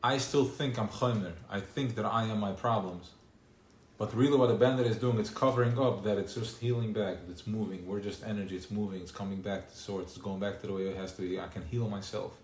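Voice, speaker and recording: A man's voice: on the low side, fairly quick. Man preaching in an echoey room. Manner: animated, preaching with rhetorical questions. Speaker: speaker at a gathering. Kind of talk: informal religious talk. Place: gathering hall. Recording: echoey live room, faint noise.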